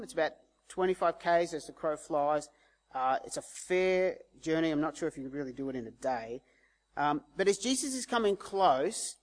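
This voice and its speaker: A man preaching a sermon in a conversational way, acting out the voices in the story he tells. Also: a little high. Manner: conversational, acts out quoted voices. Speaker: pastor.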